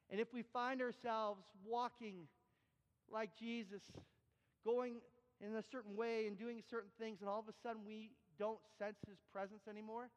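Canadian pastor, high-pitched, restless restarts, sermon in a reverberant hall. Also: male voice, level tone, normal speed. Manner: repeats phrases and restarts often, rising to emphatic refrains.

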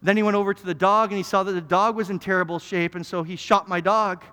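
A preacher acting out an old man who calmly recounts his story in court, talking plainly and steadily. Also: high voice, fast. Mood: recounting. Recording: long hall reverb.

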